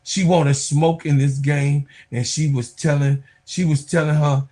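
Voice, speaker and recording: A man giving casual basketball commentary to his viewers in an animated way, talking to them directly and drifting into asides. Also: on the high side, unhurried, few pauses. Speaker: sports commentator.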